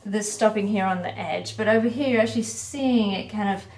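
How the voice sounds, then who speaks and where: Woman talking thru a painting critique, easygoing, middle pitch, bit of room echo. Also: fairly quick. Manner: relaxed, chatty, self-correcting. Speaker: art teacher. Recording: echoey room.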